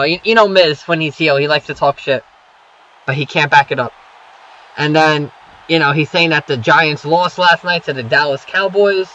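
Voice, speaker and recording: A man's voice: a little high, sharp tone. A young man casually recapping a wrestling show, rambling with lots of fillers and profanity. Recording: dull lo-fi home recording.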